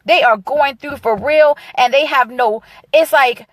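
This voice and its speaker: Fervent high-voiced woman preaching. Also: a little slow, no room sound. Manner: fervent, repetitive, emphatic preaching cadence. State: emotional. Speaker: speaker of a ministry. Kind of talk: impassioned sermon-style encouragement.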